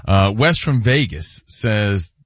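Lively male sports host running the show. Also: lowish voice, slow, no room sound, lo-fi sound. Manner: steers the segment, reads listener comments. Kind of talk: casual sports talk.

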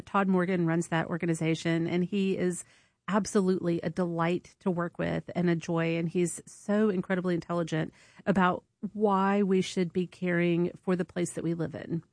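Upbeat low-voiced woman radio host. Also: little pitch movement, normal speed, darkish tone, no room sound. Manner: upbeat, chatty, with fillers. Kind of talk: on-air fundraising chat. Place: radio studio. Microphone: studio microphone.

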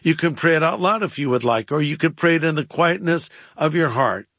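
Man, pastor, emphatic preacherly delivery, fairly high voice, dry studio. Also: expressive, a little fast, a bit bright, no echo. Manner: earnest, preacherly, emphatic repetition. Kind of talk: radio sermon talk.

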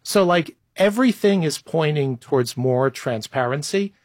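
Husky, dry-voiced man in his fifties. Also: on the high side, animated, normal speed, a little mellow, no room sound. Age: 50s. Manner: thoughtful, self-deprecating, restarts phrases. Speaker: guest executive. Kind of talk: conversational interview answers.

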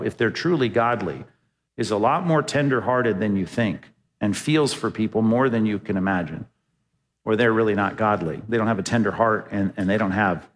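A pastor giving a sermon in a conversational, emphatic style, asking rhetorical questions. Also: male voice, medium pitch, big-room sound.

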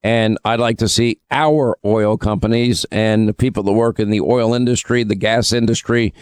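A male talk radio host with a smooth, resonant voice, recorded close and dry in a studio. He talks emphatically and with strong opinions, with frequent fillers. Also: fairly low pitch, fairly even intonation, moderate pace, no echo.

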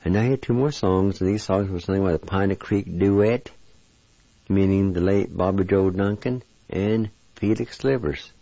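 A man teaching a language lesson, slowly sounding out each word syllable by syllable. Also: sits low, warm tone, no room sound, muffled recording. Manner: slow, breaks words into syllables.

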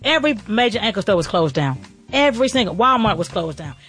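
A woman in middle age hosts a faith-driven motivational show, talking at a rapid clip. She is excited and preachy and keeps circling back to the same phrases. Soft music plays faintly underneath. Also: medium pitch, husky. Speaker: podcast host and restaurant owner.

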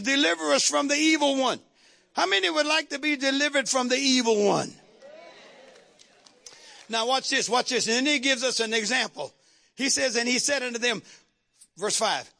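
A man preaching a sermon to his congregation, calling out to the crowd and shouting at the peaks. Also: very high voice, normal speed, gravelly. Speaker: pastor. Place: church sanctuary.

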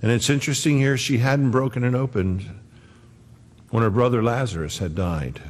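A man's voice: medium pitch, normal speed. A man preaching a sermon in an earnest, conversational way, acting out the quotes he tells. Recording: long hall reverb.

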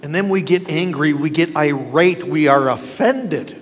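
A man's voice: on the high side, unhurried, a little hiss or hum. A male pastor preaching a sermon, driving his points home with rhetorical questions to the congregation. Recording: long reverb with faint ambience.

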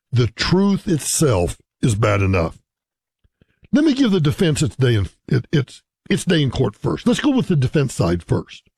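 Animated talk radio host, man. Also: a little high, slightly rough, no room sound. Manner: conversational, emphatic, repeats key phrases.

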